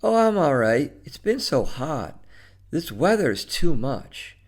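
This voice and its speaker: A man's voice: fairly high pitch, big pitch swings, slow pace, voice pushed up, full character voice. A man reading a story, voicing a lonely middle-aged woman who sounds nervous and apologetic.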